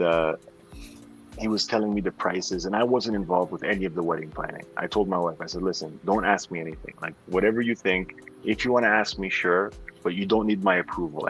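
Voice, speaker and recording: A middle-aged man chatting casually, telling animated stories and acting out what others said. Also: deep voice, poor audio. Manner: animated storyteller who acts out dialogue. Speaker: livestream co-host. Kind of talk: casual chat.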